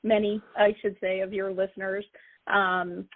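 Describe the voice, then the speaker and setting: A woman who leads a nonprofit, a guest on a radio interview, speaking earnestly with small pauses. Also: mid-range voice, little pitch movement, dry recording. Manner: warm, earnest, uses "um". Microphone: phone call. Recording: tinny dry phone line.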